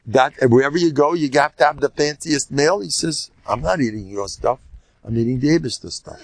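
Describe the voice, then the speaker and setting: Older man, rabbi, Torah lecture, gravelly, husky, lively pitch, storytelling, dry close sound. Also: brisk, dry recording. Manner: animated, acts out quoted speakers, jumps between stories. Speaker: rabbi teaching a Torah class.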